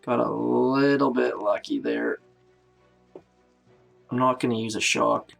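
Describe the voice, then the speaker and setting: A man's voice: mid-range voice, big pitch swings, takes it slowly, creaky, soft background music. A man from Canada giving chatty live commentary while playing a strategy game, greeting viewers as he goes. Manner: chatty, self-narrating, greets viewers by name. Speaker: game streamer.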